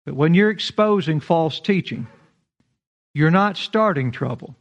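A man, preaching in a church with folksy, emphatic delivery. His voice sits a little high, and the recording sounds dull and lo-fi. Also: expressive, measured pace. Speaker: pastor. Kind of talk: verse-by-verse sermon. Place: church sanctuary.

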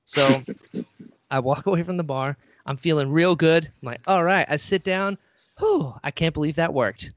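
A man's voice: a little high, normal speed, muffled recording. A man telling a story in casual chat, animatedly acting out what people said.

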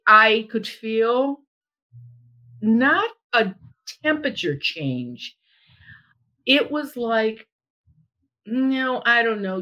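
A woman's voice: medium pitch, rough recording. A middle-aged woman telling a personal story in casual chat, acting out what people said. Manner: animated, acts out quoted voices. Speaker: storyteller guest.

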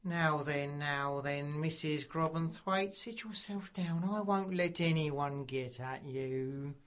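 A woman playing a slow, fussy police inspector. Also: mid-range voice, lively intonation, lightly acted. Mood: patronising. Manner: slow, deliberate, patronising. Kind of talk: comedy radio drama.

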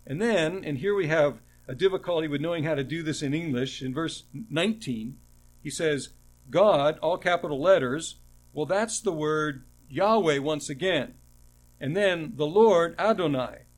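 A male preacher with a slightly raised pitch delivers an expository sermon. His teaching tone is earnest, and he often stumbles into repeating words. He slows right down to lean on each quoted verse.

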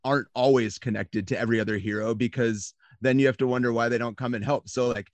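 A man co-hosting a podcast in casual chat, agreeable and quick to chime in. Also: mid-range voice, steady tone, dry recording. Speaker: podcast co-host.

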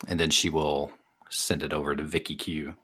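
A man's voice: rumbling low, level tone, moderate pace, a bit bright, breathy edge. A man playing a tabletop role-playing game, describing his character's actions with hesitant, amused asides. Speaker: player.

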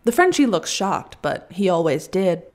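A woman's voice: lowish voice, big pitch swings, normal speed. A woman narrating a first-person story in a wry, dry storytelling manner.

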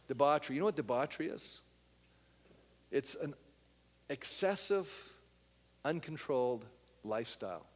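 A man's voice: fairly high pitch, long reverb tail. A male pastor preaching a sermon, blunt and emphatic, talking to the congregation in a conversational way and asking them questions.

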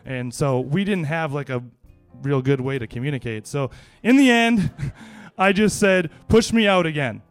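Man with a high, smooth voice, casual anecdote, lively and laughing, faint music behind. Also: a little slow. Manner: lively, laughs often, many restarts. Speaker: storyteller.

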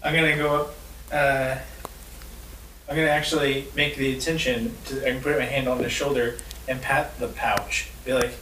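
A man playing a tabletop game, halting and hesitant, full of ums. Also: mid-range voice, flat delivery, a bit bright. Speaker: player. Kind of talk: casual tabletop play. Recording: distant roomy mic with faint noise.

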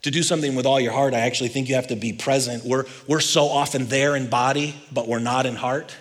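A man preaching a sermon as pastor, swinging between loud urging and hushed intensity. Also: mid-range voice, fairly even intonation, quick pace. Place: large church hall. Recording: long reverb of a large hall.

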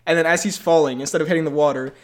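A young man chatting loosely on a podcast, his voice sitting a little high. He rambles through fillers and breaks into laughter often. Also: steady tone, rapid-fire. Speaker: podcast co-host. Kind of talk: casual chat.

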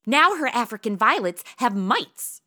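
Bright, lively sarcastic young woman. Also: mid-range voice. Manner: sarcastic, quick quips. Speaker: reporter's sidekick. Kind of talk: comedic radio-drama acting.

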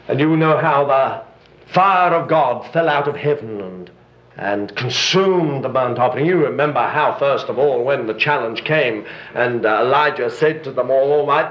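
An older male preacher giving a sermon, telling stories with dry humor. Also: medium pitch. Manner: lively storytelling with dry humor and chuckles. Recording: roomy, dull, slightly noisy hall recording.

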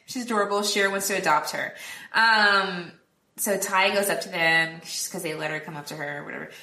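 A woman co-hosting a podcast, recapping a film in casual chat, quoting characters in quick voices and laughing often. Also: lowish voice, fairly even intonation, pushed and bright, reverberant. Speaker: podcast co-host.

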